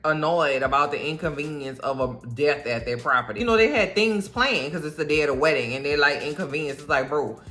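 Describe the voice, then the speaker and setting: A woman recapping a TV episode in a sassy, animated way, full of slang and mock outrage. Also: low voice, a little fast, hardly any pauses, soft background music. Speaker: TV recap vlogger.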